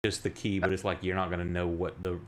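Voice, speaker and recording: Mestre de jogo com sotaque do sul dos EUA, narrando de forma descontraída, voz grave. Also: male voice, low-pitched, little pitch movement, quick pace. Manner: loose, chatty, with filler words. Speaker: game master. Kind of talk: narrating a tabletop game.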